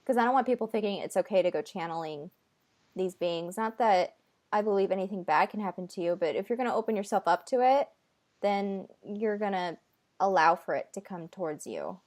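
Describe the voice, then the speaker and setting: Woman channeler, mid-range voice; halting, nervous delivery full of fillers and restarts. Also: medium pitch, animated, a little mellow. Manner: relays an unseen being's words in her own voice. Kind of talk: casual conversation.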